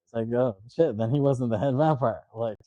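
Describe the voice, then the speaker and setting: A man's voice: mid-range voice, warm tone, no room sound, dull audio. A man co-hosting a podcast, casually retelling a movie scene by scene in a rambling way. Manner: rambling, acts out lines in quick voices, laughs often. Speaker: podcast co-host. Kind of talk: casual chat recapping a film.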